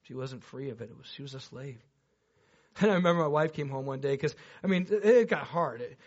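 A man preaching a sermon and telling a personal story, swinging between loud excited bursts and hushed, low passages, talking straight to the congregation. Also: fairly quick. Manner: chatty, addresses the congregation directly with asides. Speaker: pastor. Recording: dull lo-fi recording.

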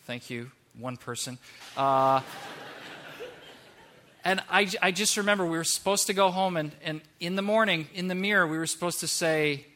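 A man preaching a sermon in a church, animated and humorous, who slips into playful mock voices to make his point. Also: sits high, a little hiss or hum. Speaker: pastor.

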